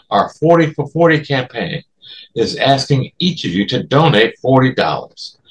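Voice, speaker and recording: A man who hosts a community radio show, reading a scripted fundraising appeal in a clear, deliberate way. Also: slight background noise, poor audio. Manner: clear, deliberate read with lively pitch.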